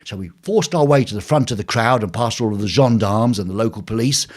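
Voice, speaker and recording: Animated older man telling a story. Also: on the low side, a little fast. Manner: animated, acts out voices in anecdotes. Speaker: host. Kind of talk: storytelling live stream. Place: his home.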